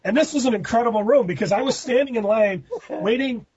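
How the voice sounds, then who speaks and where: A man hosts a podcast in a very high-pitched, somewhat darkish, slightly rough voice, talking a little fast. He tells rambling anecdotes in casual storytelling, breaking into laughing outbursts, in a muffled, dry lo-fi recording.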